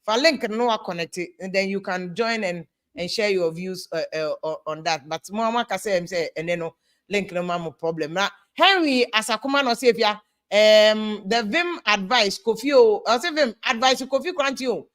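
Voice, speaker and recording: A woman with a Ghanaian accent hosting a live stream, reading out viewer comments in an animated, exasperated way and switching freely between English and Twi. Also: medium pitch, moderate pace.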